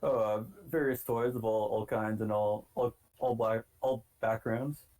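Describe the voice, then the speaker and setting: A man playing his character in a tabletop game, talking hesitantly with many pauses and fillers. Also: on the low side, fairly even intonation, darkish tone, low-quality recording. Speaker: player.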